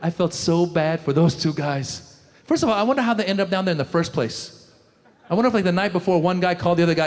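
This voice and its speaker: A male stand-up comedian doing a live set, mocking and quick, talking straight to the crowd on a handheld mic. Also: sits high, a little mellow, big-room sound. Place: live comedy stage before an audience.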